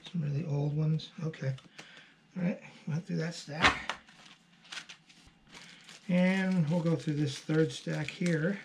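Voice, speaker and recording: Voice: medium pitch, fairly even intonation, slow pace, long pauses, background noise. An online postcard seller hosting a casual unboxing video, chatting and gushing over each card with frequent fillers.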